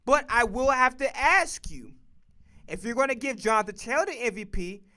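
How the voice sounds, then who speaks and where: Man, high voice, bright tone, emphatic profane football rant, casual streamer. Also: expressive, normal speed. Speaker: streamer and sports commentator. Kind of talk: casual sports opinion rant.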